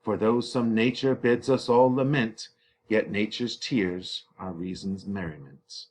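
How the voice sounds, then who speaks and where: A man reading aloud the part of a calm priest consoling a grieving family, measured and grave. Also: on the low side.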